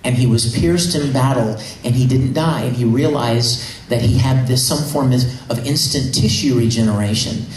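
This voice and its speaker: A man at a convention panel, excitedly and emotionally retelling a story with many restarts. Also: medium pitch, normal speed, recorded from a distance. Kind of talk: enthusiastic storytelling. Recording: echoey hall, faint noise.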